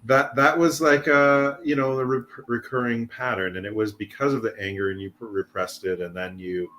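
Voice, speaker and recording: A man's voice: medium pitch, fairly even intonation, moderate pace, fairly bright tone, a little hiss or hum. A man guest in casual chat, reflecting hesitantly on his habits and leaning on filler words. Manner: hesitant, many fillers and restarts.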